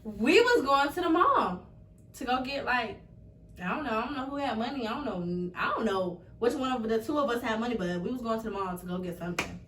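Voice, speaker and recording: A nineteen-year-old woman telling a story to her family in a casual chat, lively and quick to laugh, acting out what each person said. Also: a little high. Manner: animated, acts out quoted voices, laughs often. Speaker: podcast guest. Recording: echoey room, mic at a distance, faint noise.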